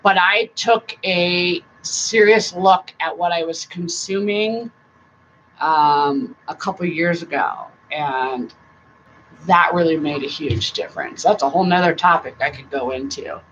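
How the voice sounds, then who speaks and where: A middle-aged woman hosting a casual live-stream chat, rambling warmly, laughing often and now and then breaking into song. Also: fairly low pitch, measured pace. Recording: dull lo-fi sound with faint noise.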